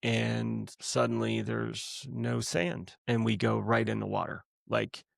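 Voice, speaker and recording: A middle-aged man, a guest on his wife's podcast, telling a personal story in a casual, lively way and acting out what people said. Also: on the low side, slow, creaky, no room sound, clean studio sound. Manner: lively storyteller who acts out quotes. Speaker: guest, the host's husband.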